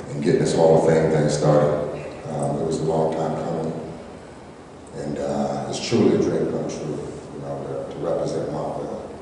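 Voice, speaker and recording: Deep-voiced man in an echoey hall. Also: warm tone, slight background noise. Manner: halting, many fillers and restarts, joking. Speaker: hall of fame inductee. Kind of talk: emotional acceptance speech. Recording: echoey hall, distant mic, faint ambience.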